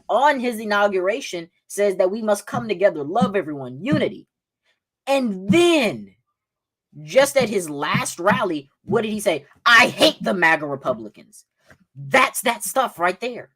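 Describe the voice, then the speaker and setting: A man's voice: high voice, animated, measured pace, fairly bright tone. A man with a Southern accent hosting a political livestream podcast, combative and repeating "right?" again and again. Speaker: podcast host.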